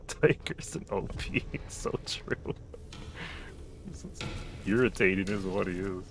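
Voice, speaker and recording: A man's voice: low voice, expressive, a little slow. A man streaming a game late at night, chatting casually, joking, and talking to the characters on screen. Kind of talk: casual gameplay commentary.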